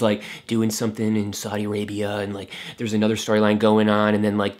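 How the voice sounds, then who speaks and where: A man ranting casually about films, swearing a lot and mocking what he dislikes, with many fillers and restarts. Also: lowish voice. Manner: profane, fast, scornful, many fillers and restarts; mocks characters in a raised voice. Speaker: film vlogger. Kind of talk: casual rant to camera.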